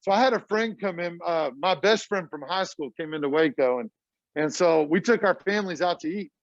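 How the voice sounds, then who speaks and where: A man's voice: high-pitched, brisk, no room sound, muffled recording. A middle-aged man, a math teacher talking casually to his class in a classroom. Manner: chatty, casual and talkative, addresses the class as y'all.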